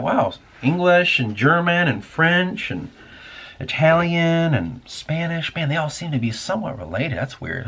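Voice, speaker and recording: Husky man musing in a profane ramble. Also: medium pitch, fairly bright tone. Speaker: podcast host. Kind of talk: casual spoken monologue.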